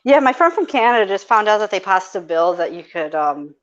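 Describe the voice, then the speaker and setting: A woman's voice: medium pitch, sing-song, fairly quick, highs cut off. A woman co-hosting a podcast in casual chat, teasing and swearing, laughing often. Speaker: podcast co-host.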